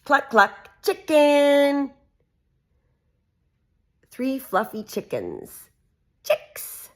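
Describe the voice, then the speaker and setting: A woman's voice: mid-range voice, animated, drawn-out words, pauses often. A woman reading a farm animal picture book aloud to a small child, making the animal sounds in a sing-song way. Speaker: reader for a child.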